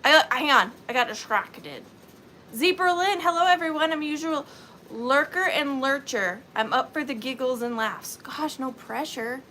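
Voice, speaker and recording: A woman's voice: high-pitched, a little slow, pushed and bright, slight background noise. A woman with a Southern US accent hosting a livestream, chatting sweetly with viewers and greeting them by name. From Georgia, US. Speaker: livestream host.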